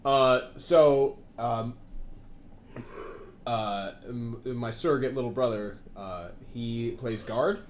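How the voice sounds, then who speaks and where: A man's voice: mid-range voice, slow, pauses often, slight background noise. Rambling man in casual gaming chat. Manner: rambling, many fillers and asides, laughs often. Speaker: co-host.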